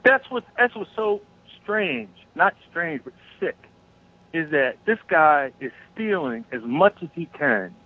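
A man's voice: a little high, very animated, slow, slightly rough. A man calling in to a talk radio show, rambling and swearing through an opinionated rant with lots of restarts. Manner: rambling, profane, restarts often. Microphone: phone. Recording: tinny phone line.

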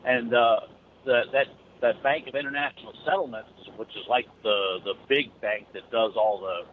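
A man's voice: mid-range voice, fairly even intonation, normal speed. A man chatting casually on a call, rambling and restarting his sentences often. His voice comes through a narrow, tinny phone line. A faint hiss sits behind him. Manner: rambling, many restarts and stammers. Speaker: truck driver calling in. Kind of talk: casual chat.

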